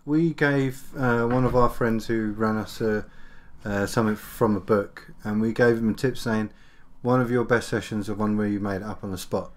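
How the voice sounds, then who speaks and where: A man co-hosting a tabletop gaming podcast in casual chat, relaxed and agreeable. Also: lowish voice, moderate pace, few pauses. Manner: relaxed, agreeable, short interjections. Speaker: podcast co-host.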